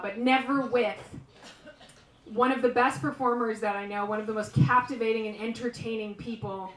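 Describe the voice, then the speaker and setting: A woman performing a live stand-up routine, telling exaggerated comic stories with loud animal imitations, then introducing the next act as emcee. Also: a little high. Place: small live venue on stage. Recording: roomy live venue, voice from far off.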